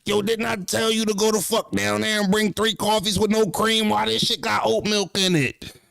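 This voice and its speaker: A man's voice: high-pitched, steady tone, normal speed, gravelly, dry recording, studio quality, pitched above the performer's own voice. A man with a Philadelphia accent putting on an angry, demanding male boss who scolds an employee. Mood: scolding. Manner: yelling, scolding.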